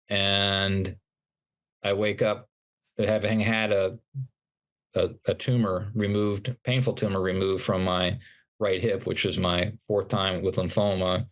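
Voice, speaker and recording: A middle-aged man speaks with a fairly low voice as an interview guest. He tells his personal story earnestly, stopping and restarting his sentences and acting out the dialogue. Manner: earnest, retelling events with acted-out dialogue and frequent restarts. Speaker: podcast guest, motivational speaker.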